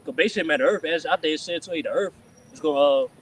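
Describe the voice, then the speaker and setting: A man in a casual scripture discussion, animated, constantly dropping "man" and "you know". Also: on the high side, rapid-fire, far from the mic, a crowd in the background, low-quality recording. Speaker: discussion participant.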